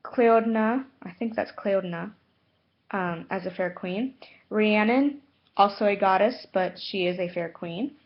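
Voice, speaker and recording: A woman talking to her viewers in a slow, unhurried way, stopping often to search for words and correct herself. Her pitch sits in an ordinary middle range. The sound is dull and lo-fi, like a home video. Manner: halting, many fillers and self-corrections. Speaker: spiritual vlogger. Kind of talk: casual talk to camera.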